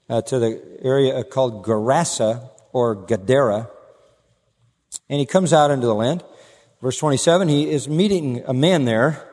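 A man preaching an expository sermon as pastor, emphatic, swinging from low asides to raised declarations. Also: darkish tone. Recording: long hall reverb.

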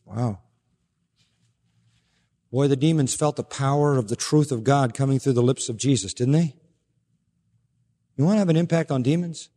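A male pastor preaching a sermon emphatically, with rhetorical questions and low, pointed stresses. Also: moderate pace, pauses often, mellow. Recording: preached in a hall with long reverb.

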